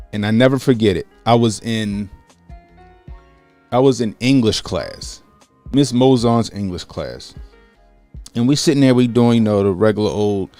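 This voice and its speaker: A man in his late thirties from Baltimore, hosting a casual livestream, greeting chat viewers and telling a story with lively acted-out quotes. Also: on the low side, smooth. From Baltimore, USA. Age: 30s. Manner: animated, acts out quotes, greets chat by name. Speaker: livestream host.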